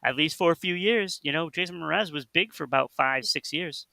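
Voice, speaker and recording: A man co-hosting a casual radio chat about music, rambling and animated, with lots of fillers and restarts. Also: fairly high pitch, moderate pace, creaky, dry recording. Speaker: co-host.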